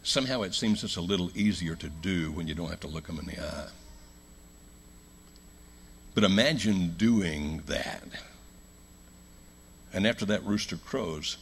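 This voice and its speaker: A deep-voiced American man preaches in a church, his tone slightly husky. He tells a story, climbing to loud emphatic lines and dropping to hushed, low ones. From United States. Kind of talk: sermon.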